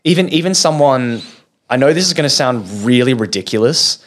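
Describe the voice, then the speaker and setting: A man with an Australian accent, a guest in a casual conversation, talking hesitantly and repeating words. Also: fairly quick. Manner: hesitant, repeats words, lively rises in pitch.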